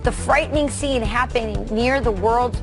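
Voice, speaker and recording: A woman's voice: on the high side, normal speed. A woman co-hosting a morning show, reading headlines in an upbeat tone. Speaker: news show co-host. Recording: TV studio with music bed.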